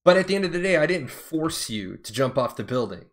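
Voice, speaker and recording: A man's voice: fairly high pitch, very animated, a little fast. A middle-aged man, a former Air Force officer, telling stories in a blunt, profane, rambling way. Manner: blunt, profane, digresses mid-story. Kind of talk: casual storytelling chat.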